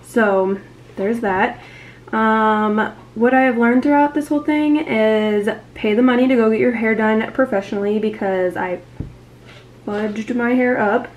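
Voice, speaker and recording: A woman's voice: fairly high pitch, measured pace, lo-fi sound, a little hiss or hum. A young woman in a casual vlog, talking in an anxious, rambling way with lots of fillers. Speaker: vlogger.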